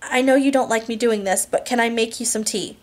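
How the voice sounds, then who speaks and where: A woman voicing a gentle, attentive assistant. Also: fairly high pitch, brisk, natural voice. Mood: caring. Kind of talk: audiobook character reading.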